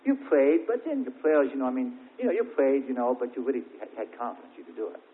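A middle-aged man preaching an emphatic Pentecostal sermon, his voice swinging between hushed and loud. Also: medium pitch, big pitch swings, fast, a little hiss or hum. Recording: tinny phone-like recording.

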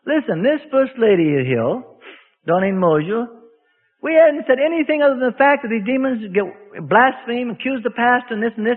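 Pastor, male, very high and lively voice, emphatic folksy delivery, over a tinny radio broadcast. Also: normal speed. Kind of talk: sermon. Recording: tinny radio broadcast with long hall reverb.

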